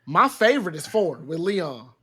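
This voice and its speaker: A man co-hosting a casual podcast, with a crisp, bright voice pitched a little high. He talks in a laid-back, enthusiastic way and keeps dropping "bro" as he gushes. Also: big pitch swings, normal speed. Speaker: podcast co-host. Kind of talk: casual chat.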